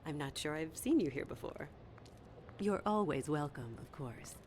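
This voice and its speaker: A sultry, low-voiced club hostess. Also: female voice, lively intonation, normal speed. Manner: soft, sultry, half-whispered. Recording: game audio with clear background noise.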